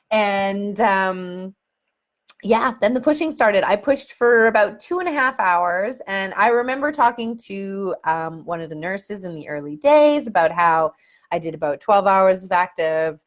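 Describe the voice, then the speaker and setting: A woman's voice: mid-range voice, lively intonation, unhurried. A young adult woman from Canada, candidly telling a personal story in a casual vlog, laughing often and acting out remembered moments. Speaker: vlogger.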